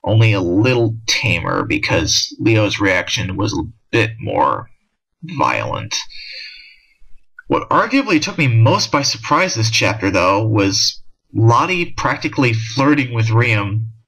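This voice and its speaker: A man's voice: on the low side, very animated, slow pace, creaky, a bit bright, breathy edge, poor audio. A man giving a casual, rambling spoken review of a comic chapter, with frequent restarts and filler words. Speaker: manga discussion vlogger.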